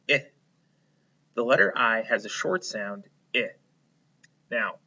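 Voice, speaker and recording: A man teaching a phonics lesson to young children, slowly prompting them to repeat words and praising them. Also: mid-range voice, a bit bright, dull audio. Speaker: kindergarten teacher.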